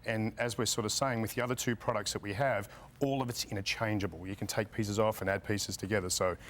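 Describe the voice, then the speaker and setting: A man's voice: on the low side, fairly even intonation, a little hiss or hum. A man, a guest describing fishing gear in a casual interview, filling his talk with "sort of" and "you know". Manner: fast, lots of "sort of" fillers. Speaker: product guest.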